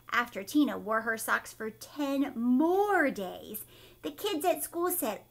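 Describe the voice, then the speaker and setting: Lady teacher doing storytime, high sing-song voice, slow, keeps asking the kids stuff. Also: creaky. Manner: animated, questioning the young listeners. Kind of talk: read-aloud storytime for children.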